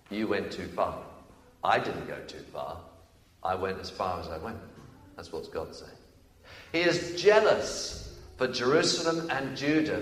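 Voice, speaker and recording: A man preaches a sermon with a lively, swinging delivery, his voice rising on declarations and dropping into quick asides. His pitch sits in a middle register. The recording carries the long reverb of a roomy church hall. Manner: animated, emphatic, swings between loud declarations and quick asides.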